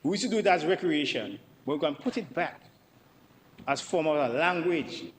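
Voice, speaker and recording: In a parliament chamber with long reverb and faint background noise, a member of parliament with a Dominican accent delivers an emphatic budget debate speech. His voice is on the high side, with lively intonation at normal speed, and he addresses the Speaker, repeating himself for emphasis.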